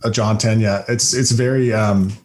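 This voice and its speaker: A man's voice: on the low side, fairly even intonation, normal speed, darkish tone. A man hosting a podcast, speaking emphatically with frequent restarts in a casual theological discussion. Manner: emphatic, many fillers and restarts. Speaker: podcast host.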